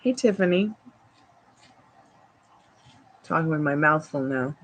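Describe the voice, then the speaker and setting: A woman's voice: deep voice, expressive, slow, slight background noise, poor audio. A woman hosting a casual livestream, chatting in a rambling way full of fillers while outdoors at home. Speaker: tarot reader livestream host.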